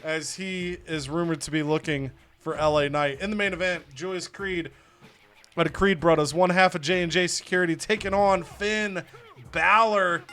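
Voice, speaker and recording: A man hosting casual gaming commentary, excitedly recapping match results with bursts of loud laughter. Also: high-pitched, normal speed. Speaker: host.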